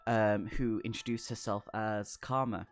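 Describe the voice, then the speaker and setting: A man narrating as game master of a tabletop game, relaxed and rambling with many fillers. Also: lowish voice, unhurried, music in the background.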